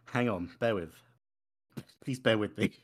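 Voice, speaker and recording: Lad on a podcast, kinda low voice, keeps stalling and umming awkwardly. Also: male voice, measured pace, slightly rough. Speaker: podcast co-host. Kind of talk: casual chat. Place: room in a shared house.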